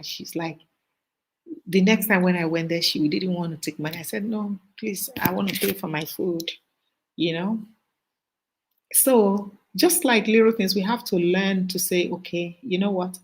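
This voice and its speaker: A middle-aged woman hosting a casual live-stream chat, telling stories with animated asides and a preachy streak. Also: fairly low pitch, slightly rough, low-quality recording.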